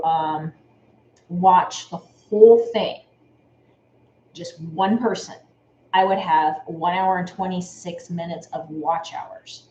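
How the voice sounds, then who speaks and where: A woman's voice: lowish voice, mellow. A woman hosting a sewing channel live stream, talking casually and rambling, thanking viewers by name as she goes. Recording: echoey room with faint noise.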